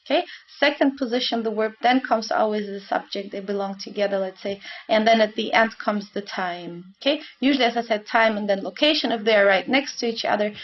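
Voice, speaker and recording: A woman's voice: mid-range voice, brisk, hardly any pauses. A woman teaching grammar over slides in a patient, repetitive way, full of fillers and reminders. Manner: patient, repeats points, many fillers. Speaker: German teacher. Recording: dull lo-fi sound.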